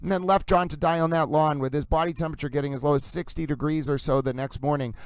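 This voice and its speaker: A man hosting a live commentary stream on a trial, excitable and given to repeated exclamations, speaking close to the mic. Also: fairly high pitch, fast talker, clear, resonant tone, no room sound, rough recording. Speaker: livestream host.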